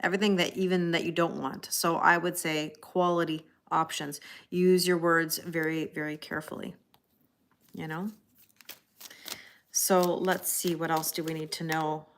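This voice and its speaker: A middle-aged woman runs a live tarot reading stream, chatting casually, laughing a lot, and replying to viewers' comments. Her voice sits low, with a flat delivery at a moderate pace.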